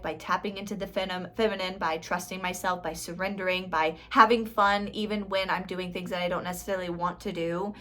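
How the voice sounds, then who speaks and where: A woman in her thirties records a casual motivational vlog as a spiritual life coach. She talks in an emphatic, dramatic way and often laughs at herself. Her voice sits at an ordinary pitch for a woman. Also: pushed and bright.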